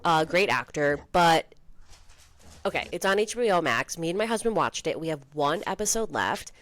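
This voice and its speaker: A young woman with a low voice co-hosts a casual chat podcast. She talks breezily and fills her sentences with "like". The sound is dry and close, with no room behind it. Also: lively intonation, dry recording. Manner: chatty, heavy use of "like", quick asides. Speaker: podcast co-host.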